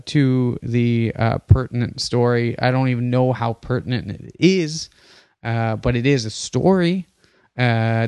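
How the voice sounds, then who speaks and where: A young man with a gravelly, fry-tinged voice tells a comic story in a loose, rambling way. He swears freely and keeps restarting his sentences around plenty of fillers. The sound is dry and close to the mic. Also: mid-range voice, darkish tone, no room sound. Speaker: podcast host.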